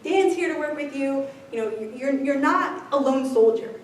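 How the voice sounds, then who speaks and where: An upbeat, chatty woman presents on gifted education in a high voice. She sounds distant in a very echoey room with background noise. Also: normal speed. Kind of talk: presentation to teachers.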